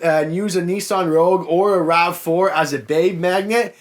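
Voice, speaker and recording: A man's voice: high-pitched, steady tone, normal speed, hardly any pauses. A young man with a Canadian accent from the Niagara area, a car salesman hosting a casual Q&A and frankly answering viewer comments in a chatty way. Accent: Canadian, Niagara Ontario. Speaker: car salesman and YouTube host.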